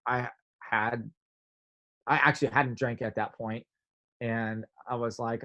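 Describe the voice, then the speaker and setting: A man telling a story in a casual interview, animated, filling his talk with "like" and acting out quotes. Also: mid-range voice, slow, pauses often. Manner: animated, many "like" fillers, acts out quotes. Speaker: podcast guest, drummer.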